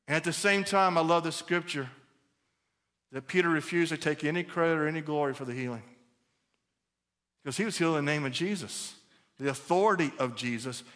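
A middle-aged man preaching a sermon as pastor, animated and conversational, repeating phrases for emphasis. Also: high voice.

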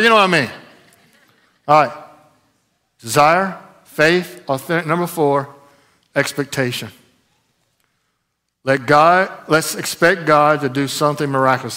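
A middle-aged man preaches a sermon in a lively, conversational way, breaking into loud bursts now and then. His voice is bright and somewhat high for a man. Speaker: pastor.

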